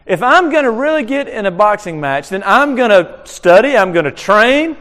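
High-voiced conversational male preacher. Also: moderate pace, big-room sound. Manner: conversational, animated, frequent restarts. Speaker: chaplain preaching. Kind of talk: sermon. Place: chapel on a military base.

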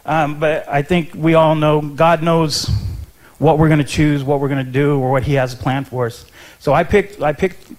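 A ministry intern giving a short sermon in church, chatty and nervous, with lots of ums and restarts. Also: male voice, a little high, fairly even intonation, moderate pace, a little mellow.

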